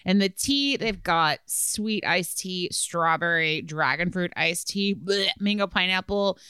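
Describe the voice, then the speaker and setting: A woman's voice: on the low side, a little slow, pushed and bright, smooth, dry recording. A young adult woman co-hosting a podcast in casual chat, chatty and full of fillers, swearing casually. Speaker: podcast co-host.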